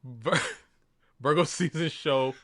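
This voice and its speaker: A man's voice: on the high side, takes it slowly, a bit bright. A man in his thirties co-hosting a podcast, trading jokes in casual chat and breaking into laughing fits. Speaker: podcast co-host. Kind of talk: casual joke-telling chat.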